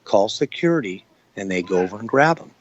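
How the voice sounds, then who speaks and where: A man's voice: fairly low pitch, lively intonation, brisk, lo-fi sound. A man recounting what he witnessed in an interview, plain-spoken and rambling. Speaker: eyewitness.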